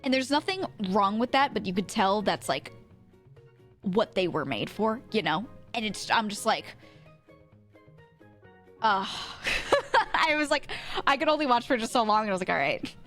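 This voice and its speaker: A woman's voice: medium pitch, big pitch swings, moderate pace, pauses often, a bit bright, soft background music. A young woman streamer chatting casually, rambling and laughing often. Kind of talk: casual chat.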